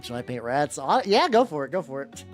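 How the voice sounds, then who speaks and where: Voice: mid-range voice, sing-song, a little fast. A streamer from the United States chatting casually while painting miniatures, rambling and swearing often. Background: faint background music.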